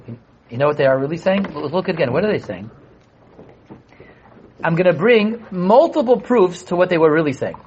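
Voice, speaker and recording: A man teaching a Torah class to a live group, animated, asking rhetorical questions and acting out voices. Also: fairly high pitch, moderate pace, pauses often, a little hiss or hum. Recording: dull lo-fi room recording.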